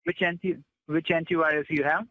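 Fast-talking man on a muffled phone line. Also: fairly high pitch, steady tone, dry recording. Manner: scripted, repeats questions. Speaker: scam call agent. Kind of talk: phone call.

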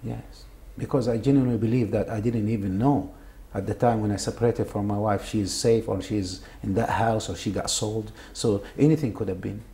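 With a lowish, warm, steady-toned voice, a Saudi man whose mother tongue is Arabic halts and often repeats himself as he gives emotional testimony in an interview about his experiences. Faint noise lingers in the background.

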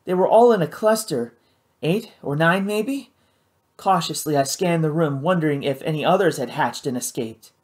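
A reader narrating an adventure novel in the first person, measured and expressive. The voice sits at a middle pitch and follows the tension of the story. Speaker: audiobook reader.

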